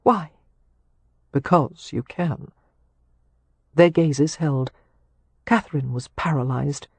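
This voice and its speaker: A woman narrating a romance audiobook in a measured, intimate way. Her voice is husky and breathy, recorded close and completely dry. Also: deep voice, darkish tone, dry recording.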